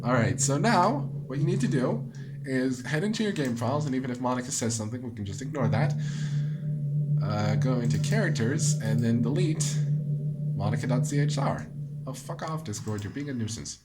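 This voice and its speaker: Excitable man swearing over a game. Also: medium pitch, normal speed, loud music behind the voice. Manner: excitable, swears freely, rambling with fillers. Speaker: let's play host. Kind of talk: casual gameplay commentary.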